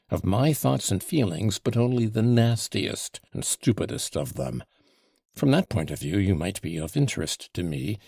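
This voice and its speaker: A man's voice: fairly low pitch, creaky, darkish tone, husky, dry recording, clean studio sound, exaggerated voice. A man voicing a bitter, scornful young man. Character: tormented, contemptuous young man arguing with his hallucination. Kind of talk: audiobook character reading.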